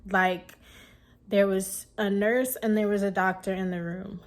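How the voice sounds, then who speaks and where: Young woman, vlogger, unhurried delivery, teary and halting, lots of fillers. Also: medium pitch, fairly even intonation. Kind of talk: personal storytelling vlog.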